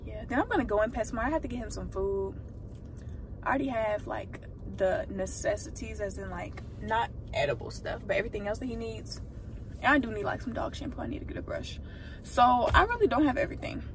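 Excited young woman vlogging from a car. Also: a little high, brisk. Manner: excited, chatty, rambling. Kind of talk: casual vlog chat to camera. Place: inside a car on the road. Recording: distant phone audio with loud road noise.

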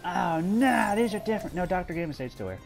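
A man giving excitable, swearing let's play commentary while gaming and talking to his teammates. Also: sits high, quick pace, creaky. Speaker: gamer. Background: game music and sound effects.

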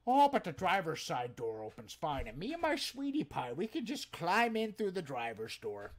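A man's voice: fairly high pitch, wildly swooping pitch, moderate pace. A man putting on the voice of an eager, gullible male customer buying a wreck of a used car, gushing and folksy.

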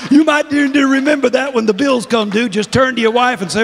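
A man's voice: extremely high pitch, fast talker, creaky, few pauses, a little hiss or hum. A middle-aged man preaching as a guest minister, exuberant and laughing often, calling out to the congregation in a church. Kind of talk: sermon. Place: church sanctuary. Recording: long church reverb.

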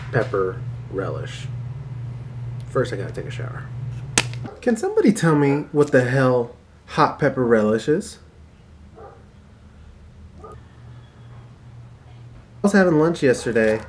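A man rants casually into his vlog camera, animated and exasperated. His voice sits in an ordinary middle pitch. He talks loosely and freely. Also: a little hiss or hum. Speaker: vlogger.

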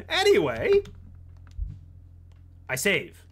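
A man's voice: high voice, wildly swooping pitch, takes it slowly, long pauses, fairly bright tone, slightly rough. A man hosting a gaming video, rambling playfully and swearing freely as he plays. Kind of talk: let's play commentary.

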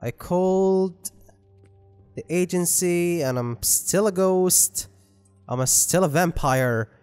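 Slow, joking man with game music reverb. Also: high voice, darkish tone, smooth. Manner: joking, rambling, self-mocking. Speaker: gameplay commentator. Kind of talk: let's play commentary.

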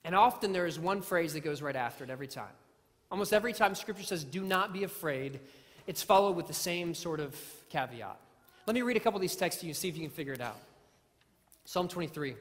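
In an echoing church sanctuary, a man preaches a sermon in a fairly high, bright, expressive voice at a slightly quick pace. His storytelling is earnest and self-deprecating, with repeated phrases and restarted words, all under long hall reverb.

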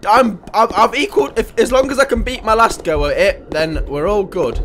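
A man's voice: high voice, normal speed, few pauses, fairly bright tone, slight background noise. A young man doing panicky, swearing commentary while playing a horror game. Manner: panicky, sweary, jokey, sings and talks to himself. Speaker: gaming YouTuber. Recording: game music behind the voice. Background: game music.

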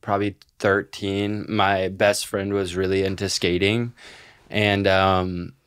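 A man's voice: sits low, level tone, takes it slowly, a bit bright, clear, resonant tone. A young man co-hosting a podcast, telling stories casually with lots of swearing and fillers. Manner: profane, rambling storytelling with many fillers. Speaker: podcast co-host.

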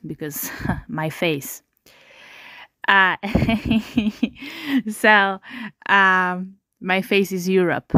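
Slow, hesitant woman podcaster. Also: lowish voice, dry recording, studio quality. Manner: hesitant, many filler pauses, heartfelt and confiding. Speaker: podcast host. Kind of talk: casual solo podcast monologue.

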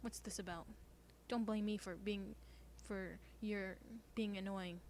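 A woman voicing a creepy, obsessive young man in a video game, speaking low and insinuating, at times in a whisper, over loud noise. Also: steady tone, measured pace, natural voice.

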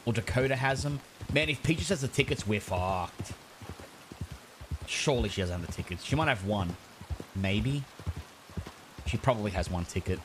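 Give me a laid-back man streaming a game, swearing and laughing, with steady noise behind him. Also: fairly low pitch, normal speed, pauses often. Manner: swears a lot, laughs often, animated. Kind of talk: casual gaming stream chat.

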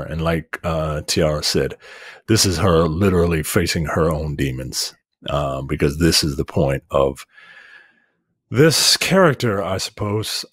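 Profane, animated male podcast co-host. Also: deep voice, no echo. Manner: profane, animated retelling of scenes. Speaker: film review podcast co-host. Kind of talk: casual chat.

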